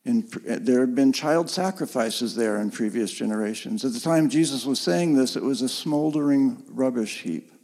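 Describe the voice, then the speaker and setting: A man preaching a sermon in an earnest, gently emphatic way, heard in a church sanctuary. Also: mid-range voice, normal speed, few pauses, big-room sound. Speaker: pastor.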